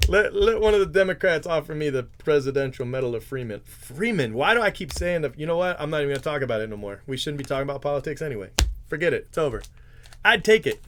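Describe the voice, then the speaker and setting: A man's voice: a little high, lively intonation, quick pace, slight background noise. A man hosting a live card break, chatting casually, joking and tripping over his words as he reads out player names. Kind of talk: casual live-stream chat.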